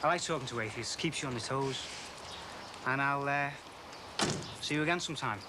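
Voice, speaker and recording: An actor playing a genial, gently teasing man in a TV soap, recorded outdoors. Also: medium pitch, brisk, lightly acted. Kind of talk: TV soap acting. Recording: outdoor scene with loud traffic noise.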